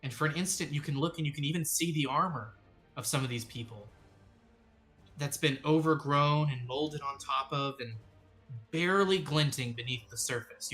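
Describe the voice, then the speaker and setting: A man acting as dungeon master, describing a scene and laying out choices for the players in a measured storytelling manner. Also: medium pitch, fairly bright tone. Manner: descriptive, measured storytelling with sudden quick asides. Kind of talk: narrating a tabletop game.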